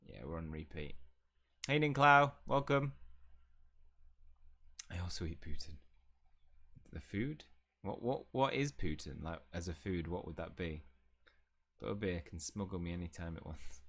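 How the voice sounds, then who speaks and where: Low-voiced man streaming a game. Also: expressive, measured pace, long pauses, fairly bright tone. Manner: jokey, rambling, chats with viewers. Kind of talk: casual livestream commentary.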